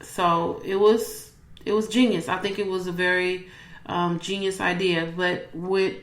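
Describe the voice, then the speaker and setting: A woman co-hosts a podcast in a relaxed, chatty way, her voice sitting a little low. She meanders and restarts as she tells a story. The room around her sounds echoey. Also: measured pace. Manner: rambling, many fillers and restarts. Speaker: podcast co-host. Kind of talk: casual chat.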